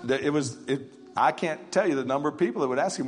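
A man's voice: a little high, quick pace. A man preaching a sermon, retelling scripture vividly with frequent repetitions.

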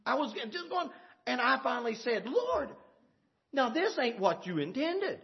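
A man preaching a sermon, swinging from loud shouted points to low murmurs, with laughing asides. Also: big pitch swings, measured pace, creaky, lo-fi sound.

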